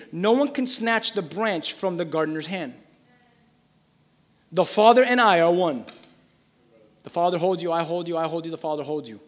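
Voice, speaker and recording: A man preaching a sermon as pastor, fervent and repetitive, building up to shouting. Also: on the high side, big-room sound. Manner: fervent, repeats phrases for emphasis, builds to shouting.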